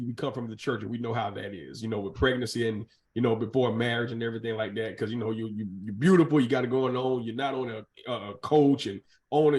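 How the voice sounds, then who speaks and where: A man hosting a casual interview, playful and chatty with lively asides. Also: mid-range voice. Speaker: podcast host, interviewer.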